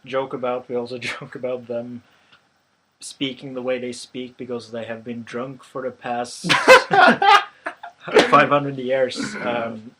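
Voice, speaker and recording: A Norwegian man hosting a podcast, reviewing a film in casual chat, halting with many fillers and restarts. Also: mid-range voice, flat delivery, very noisy. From Norway. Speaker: podcast host.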